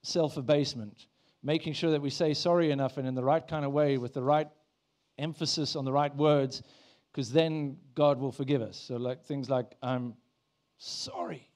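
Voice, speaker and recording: A man's voice: medium pitch, fairly even intonation, moderate pace, a little mellow. A man, a pastor, preaching a sermon in a church in a conversational way, asking the congregation questions.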